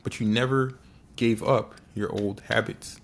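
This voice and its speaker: Earnest low-voiced man giving motivational talk. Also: steady tone, a little slow, vocal fry. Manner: earnest, repetitive, restarts phrases for emphasis. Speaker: motivational speaker. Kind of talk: casual motivational monologue.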